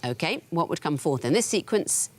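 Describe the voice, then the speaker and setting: A woman hosting a TV quiz in a studio, explaining answers in a crisp, wry way. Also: low-pitched, expressive, moderate pace, loud music behind the voice. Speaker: quiz show host.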